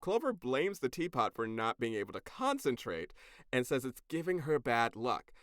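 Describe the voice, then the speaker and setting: Animated, sarcastic male podcast host. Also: medium pitch, normal speed, dry recording, studio quality. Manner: animated, sarcastic storytelling with profanity. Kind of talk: casual recap chat.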